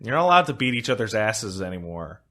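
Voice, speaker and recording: A man co-hosting a casual podcast, telling stories in an animated way and swearing freely. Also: on the low side, quick pace. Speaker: podcast co-host.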